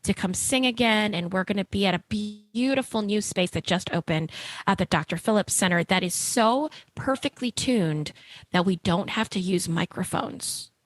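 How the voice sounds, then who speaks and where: A woman podcast co-host in casual chat, excitable and giggly. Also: mid-range voice, moderate pace, dry recording.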